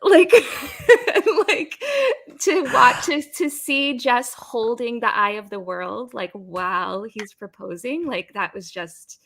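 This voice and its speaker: A woman's voice: fairly high pitch, animated, slow, creaky, a bit bright, slight background noise. A woman co-host chatting over a video call, giggly and gushing. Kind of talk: casual chat on a video call.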